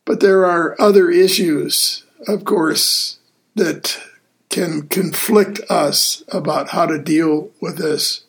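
A man hosting a casual talk show as a deacon, speaking in an earnest, easygoing way with frequent pauses. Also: a little high, steady tone. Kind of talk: casual radio show chat.

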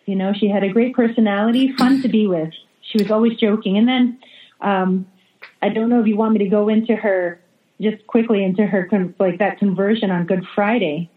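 A woman's voice: mid-range voice, steady tone, fairly quick. Woman religious sister on an echoey phone-like line. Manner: hesitant, many fillers and restarts. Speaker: religious sister, interview guest. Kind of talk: remote interview testimony. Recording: echoey, phone-like remote call audio.

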